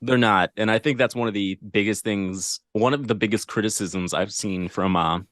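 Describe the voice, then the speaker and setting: A man's voice: on the low side, moderate pace, fairly bright tone, no echo, studio quality. A man co-hosting a streaming podcast, chatting casually and laid-back, swearing often. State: sleepy. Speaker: podcast co-host. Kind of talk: casual chat.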